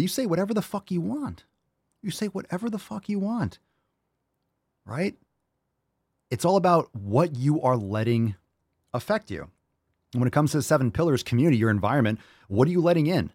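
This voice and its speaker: A man's voice: mid-range voice, a little mellow, dry recording, studio quality. A man hosting a fitness podcast, ranting bluntly and preachily with plenty of swearing. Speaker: podcast host. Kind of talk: opinionated fitness podcast rant.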